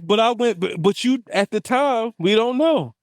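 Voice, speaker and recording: A man's voice: extremely high pitch, animated, moderate pace, no room sound, clean studio sound. A man hosting a casual podcast, telling stories in loose slang and laughing often. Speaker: podcast host. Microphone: studio podcast mic.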